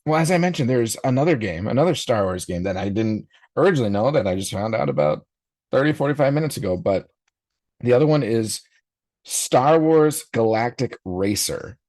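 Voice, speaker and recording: A man's voice: mid-range voice, very animated, fast talker, darkish tone, no room sound. A man in his forties hosting a podcast, reacting casually in a rambling, nostalgic way with many fillers and restarts. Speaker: podcast host.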